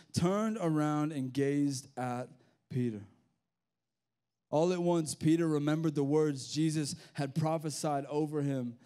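Casual Australian youth pastor. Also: male voice, a little high, clean tone. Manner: casual, animated storyteller with slang. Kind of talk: sermon with storytelling.

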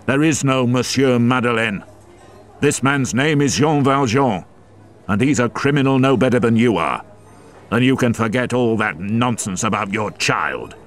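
A man's voice: low voice, very animated, unhurried, hardly any pauses, fairly bright tone, exaggerated voice. A man reading a storybook, voicing a contemptuous police inspector who speaks coldly and harshly. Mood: angry. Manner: sneering, cold and angry.

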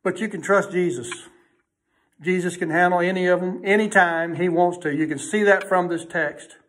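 A man preaching a sermon in a folksy way, emphatic and swinging between loud and hushed delivery. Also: high-pitched, moderate pace.

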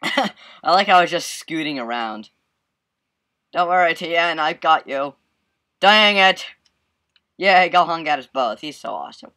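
A man giving casual gameplay commentary as he plays, excitable, yelping and laughing at the action and humming to himself. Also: fairly high pitch, a little slow, pauses often. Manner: excitable, bursts into yelps and laughs, hums to himself. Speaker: let's play gamer.

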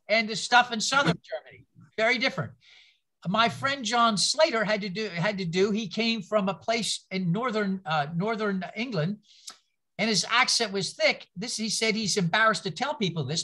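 In what sounds like a class held in a church room, a church history teacher delivers a loose, conversational lecture full of stories and asides. He often restarts sentences, and his bright, forward voice sits at an ordinary middle pitch.

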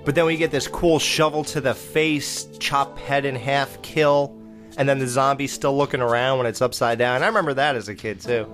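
A man's voice: mid-range voice, fairly even intonation, moderate pace, a bit bright, faint music behind. A man in a casual horror-film review monologue, blunt and profane, exclaiming and mocking the characters. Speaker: podcast host reviewing horror films.

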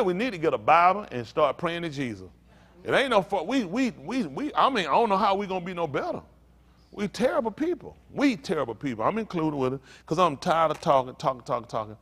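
Fired-up preacher man with a high voice. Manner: swings between shouting outrage and weary low muttering. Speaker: pastor. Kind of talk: impassioned sermon rant.

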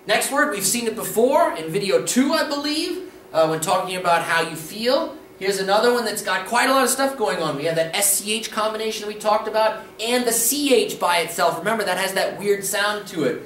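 Man, language teacher, casual lesson, repeats words slowly, roomy echo, slightly distant mic. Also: sits high, expressive, a bit bright, slight background noise. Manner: repeats words slowly for practice, checks in with "okay?". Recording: echoey room, voice a little off-mic.

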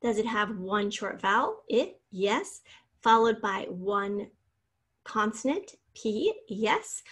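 A woman's voice: medium pitch, expressive, takes it slowly, a bit bright, breathy edge. A woman teacher giving a spelling lesson, patiently sounding out syllables and spelling words letter by letter.

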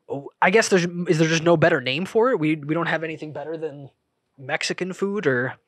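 A young man talks on his own podcast in a fairly high voice, close to the mic in a dry, dead room. He rambles, breaks off his own thoughts, and swings from loud outbursts to mumbled asides. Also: dry recording. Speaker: podcast host. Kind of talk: solo podcast monologue.

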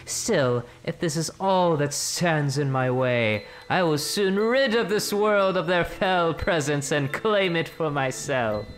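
A man's voice: fairly high pitch, lively intonation, slow. A man voicing a haughty, gloating sorcerer villain.

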